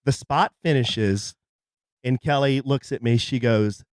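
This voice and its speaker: A man's voice: mid-range voice, unhurried, dry recording, clean studio sound. A man, co-hosting a podcast and telling a jokey story in a casual chat. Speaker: podcast co-host. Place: in a car.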